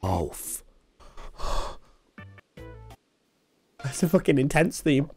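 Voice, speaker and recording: A young man streaming a game, talking to chat, swearing and bursting into yells. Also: fairly high pitch, takes it slowly, pauses often, slightly rough. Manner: excitable, swearing, yelling bursts. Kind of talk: gaming livestream commentary. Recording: game music behind the voice.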